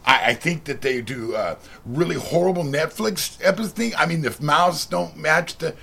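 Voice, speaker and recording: A man's voice: fairly high pitch, normal speed, gravelly, sharp tone, husky. An older man stopped on the street for an interview, talking in a hesitant, rambling way with many restarts. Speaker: passerby. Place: outdoors on a street.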